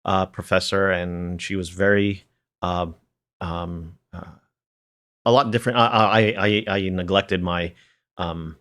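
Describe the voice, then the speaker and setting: A middle-aged man from the Philadelphia area, a piano educator, reminiscing as a podcast guest with many fillers and soft chuckles. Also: low voice, steady tone, unhurried. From Philadelphia area, United States. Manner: rambling, many fillers, tags sentences with "there"; chuckles through his stories. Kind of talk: casual reminiscing conversation.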